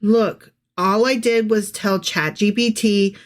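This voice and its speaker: A woman's voice: mid-range voice, fairly even intonation, slow pace. Sarcastic woman podcast co-host. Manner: sarcastic, joking, reads scripture aloud with asides. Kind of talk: casual comedic chat.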